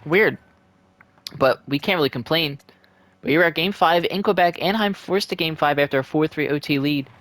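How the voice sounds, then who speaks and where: Excitable young man commentating a hockey sim. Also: a little high, normal speed, no room sound. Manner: excitable, swears, pleads with the game and cheers his team. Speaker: gaming video creator. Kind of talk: casual play-by-play commentary of a simulated hockey game.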